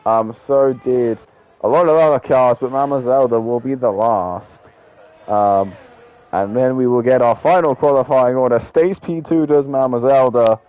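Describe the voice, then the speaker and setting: A man's voice: medium pitch, a little slow, dull audio. A man giving casual live commentary on a sim race, with lots of filler ums and a loose, chatty way of talking.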